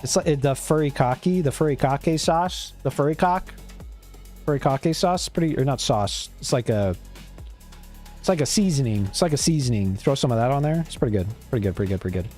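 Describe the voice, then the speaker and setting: A live streamer, a man, rambles casually to his chat while playing a game, laid-back and swearing now and then. His medium-pitched voice has lively intonation, a quick pace and a darkish tone, with soft music in the background.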